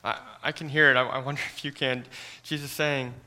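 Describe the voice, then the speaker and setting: A man preaching a sermon in an earnest manner, often dropping to a soft hush and repeating words as he starts phrases. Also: mid-range voice, little pitch movement, brisk, hardly any pauses. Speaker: pastor.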